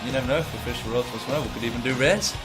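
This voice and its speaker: A man's voice: mid-range voice, rapid-fire, over loud music. A man co-hosting a gaming stream, chatting casually and rambling with laughs. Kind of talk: casual chat while gaming.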